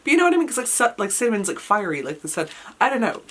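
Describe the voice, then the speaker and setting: A British woman chats through an unboxing, her voice bouncing from low murmurs up to high squeals. She gushes over every little item with oohs and delighted exclamations. A recent cold has left her voice a little worn. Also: rapid-fire. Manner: excitable and gushing, frequent oohs and squeals. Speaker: vlogger. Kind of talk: unboxing vlog chat.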